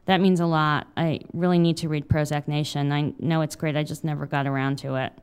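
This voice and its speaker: A woman reading aloud the lines of a sleepy young male writer just woken by a phone call, drowsy and halting. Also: fairly high pitch, little pitch movement, clear, resonant tone, natural voice.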